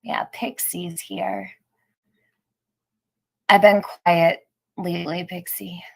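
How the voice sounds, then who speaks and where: Lady with a low gravelly voice greeting folks on her live stream, chatty, laughs a lot. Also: flat delivery, takes it slowly, a little mellow. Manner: chatty, laughs often, reads out viewer comments. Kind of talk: casual chat greeting live viewers.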